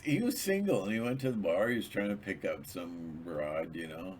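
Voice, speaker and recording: A man's voice: fairly low pitch, expressive, normal speed, hardly any pauses, a little hiss or hum. A man hosting his own channel, talking in a rambling, digressive monologue with many restarts. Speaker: channel host.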